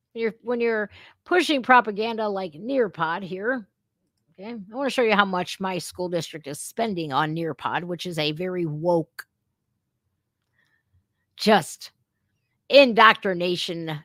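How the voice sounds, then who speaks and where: A woman's voice: fairly low pitch, a bit bright, no echo, clean studio sound. A middle-aged woman hosting a reaction stream, talking bluntly with lots of swearing and mocking sarcasm. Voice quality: brash, blunt, swearing freely. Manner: sarcastic, mocking mimicry of opponents. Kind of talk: casual profane reaction commentary.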